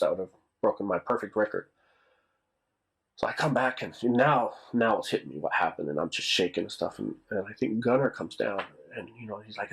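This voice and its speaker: A man's voice: on the low side, gravelly, husky. A middle-aged man casually recounting a story, rambling and repeating himself as he acts out what people said. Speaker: military storyteller, channel host. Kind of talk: casual spoken anecdote.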